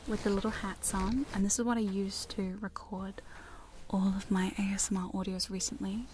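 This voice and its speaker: A woman chatting in a soft, giggly whisper on a live hypnosis ASMR stream, close to studio mics in her home studio. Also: medium pitch, slight background noise. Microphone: studio condenser and binaural mics.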